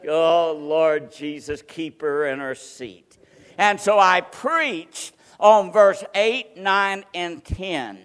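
A man preaching in a church with a high-pitched voice and an unhurried delivery. He tells stories and acts out what people said, dropping to a hush and then rising to loud declarations. His voice rings out with a long reverb through the sanctuary. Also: clean tone. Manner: storytelling with acted-out quotes, dynamic swings from loud to hushed. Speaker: pastor. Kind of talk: sermon.

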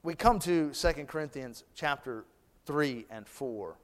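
A man preaching a sermon as pastor, drawing out phrases that trail off softly. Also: fairly high pitch, animated, in a large hall. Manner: preaching cadence, drawn-out phrases trailing off soft. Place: church.

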